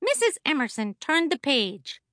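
A cheerful woman narrates a children's audiobook as a stuffed toy, chatty and confiding. Her voice sits high and leaps around. The recording is close, dry and clean. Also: sing-song, a little slow, fairly bright tone, no room sound. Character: a stuffed toy telling the story, the teacher's favorite.

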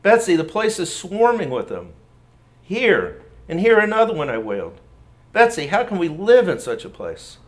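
A dismayed young woman cries out in distress, her voice pitched up and wailing, voiced by a man reading. It stays a plain reading voice rather than a full performance. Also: huge pitch swings, moderate pace, a little mellow.

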